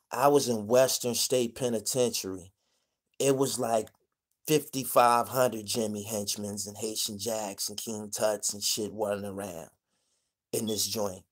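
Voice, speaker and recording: A man's voice: fairly low pitch, fairly even intonation, unhurried. A man from the Pittsburgh area telling a casual vlog story in profane street slang, rambling and restarting, checking in with "you dig?". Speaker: vlogger telling prison stories.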